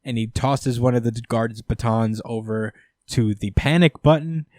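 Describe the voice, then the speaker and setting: A man hosts a podcast, recapping a comic in a loose, casual way with plenty of swearing and laughter. His voice is mid-pitched for a man. The sound is dry and close to the microphone. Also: moderate pace, a little mellow, no echo. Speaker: podcast host.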